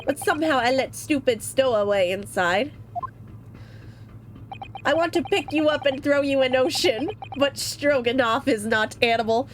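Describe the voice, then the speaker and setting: A woman voicing a gruff, burly male sailor who speaks curt, broken English, reading lines from a game. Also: sits high, moderate pace, slight background noise, close to an everyday voice. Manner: curt, clipped broken phrasing.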